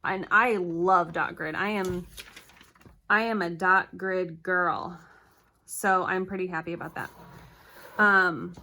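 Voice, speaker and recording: A young woman talks straight to the camera set on her table at home. Her voice is bright and forward, and her talk is chatty and scattered, full of quick corrections. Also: fairly low pitch, fairly even intonation. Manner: chatty, flustered, rambling with self-corrections. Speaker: planner vlogger.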